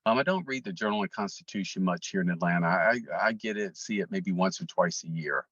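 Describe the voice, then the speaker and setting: Bright, forceful man telling a story. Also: sits low, fast talker, no echo, lo-fi sound. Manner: rambling, frequent ums and restarts. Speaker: interview guest. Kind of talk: casual storytelling.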